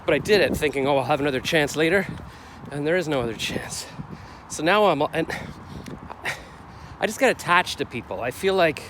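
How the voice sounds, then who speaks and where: A man's voice: on the high side, lively intonation, a little fast. A middle-aged man vlogging casually, rambling and questioning himself, and getting heated as he retells a clash. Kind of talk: casual confessional vlog. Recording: street noise behind.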